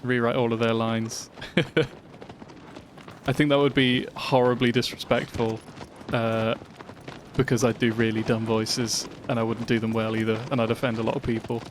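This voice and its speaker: A man's voice: mid-range voice, little pitch movement, normal speed, slight background noise. Punning, chatty male game streamer. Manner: jokey, punning, chatty with viewers. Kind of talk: live gameplay commentary. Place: home flat. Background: music.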